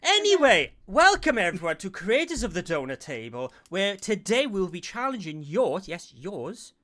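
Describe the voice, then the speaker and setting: A man hosting a live-stream chat show, excitable and rambling, with plenty of exclamations. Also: high voice, normal speed. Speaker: host.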